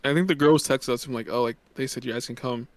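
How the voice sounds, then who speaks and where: A young male podcast co-host chats casually and rambles, laid-back and full of fillers. He talks fast in a mid-range voice with fairly even intonation, and there's no room sound.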